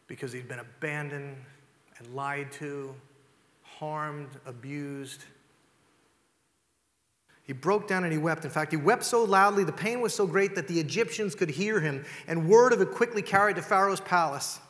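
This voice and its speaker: A man's voice: a little high, normal speed, a bit bright. A male pastor preaching a storytelling sermon, retelling scripture in casual, conversational words. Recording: long hall reverb.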